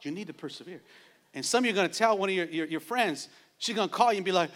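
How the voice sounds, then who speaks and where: High-voiced man preaching with fire. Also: expressive, rapid-fire. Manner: builds to shouting exhortation, playful asides. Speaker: pastor. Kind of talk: sermon.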